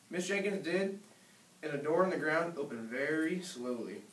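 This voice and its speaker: A man's voice: fairly high pitch, lively intonation, moderate pace. Man reading a picture book aloud. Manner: gentle storytelling, small slips. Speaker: reader. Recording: echoey room, distant mic.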